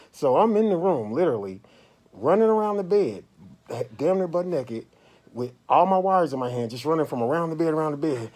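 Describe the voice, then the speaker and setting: A man vlogging from a hospital bed, telling a casual, animated story to his viewers. His voice swings from low murmurs to loud outbursts. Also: quick pace. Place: hospital room.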